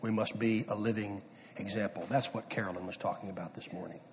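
A middle-aged man preaching a sermon, swinging from loud emphasis down to hushed near-whispers. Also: lowish voice, fairly even intonation, fast talker, slight background noise. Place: church sanctuary. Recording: distant mic with long hall reverb.

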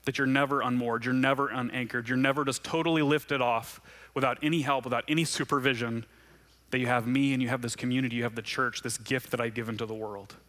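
A man's voice: mid-range voice, fairly even intonation, quick pace, a bit bright. A man preaching a sermon as pastor to his church, earnest and conversational, with frequent light laughs.

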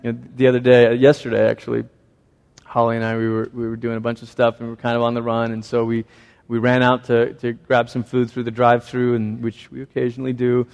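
A man's voice: mid-range voice, monotone, fast talker, gravelly, a little mellow, smooth, long reverb tail, dull audio. A man in his thirties preaching a sermon as a pastor, conversational and self-deprecating, telling stories about his family.

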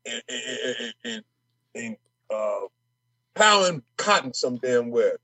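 A man's voice: medium pitch, sing-song, slow pace, sharp tone, dry recording. A man speaking as a state legislator guest in an interview, emphatic and fiery, repeating words as he heats up. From Minnesota. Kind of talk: passionate interview talk.

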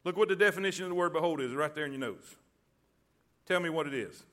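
A man preaching a sermon, calling on the congregation to repeat lines back and building to loud emphasis. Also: fairly high pitch, fast talker. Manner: call-and-response preaching, rising to loud emphasis. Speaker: pastor.

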